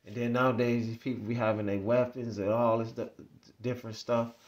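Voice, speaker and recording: A man's voice: medium pitch, flat delivery, a little fast, lo-fi sound. Man vlogger, middle-range voice, loose rambling story talk. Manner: rambling, repetitive, conversational. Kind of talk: casual storytelling monologue.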